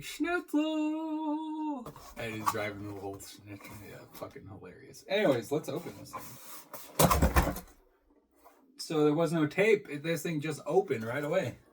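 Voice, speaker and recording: A man's voice: mid-range voice, a bit bright, a little hiss or hum, rough recording. A man talking casually through an unboxing for his channel, rambling and swearing freely as he goes. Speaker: beer reviewer.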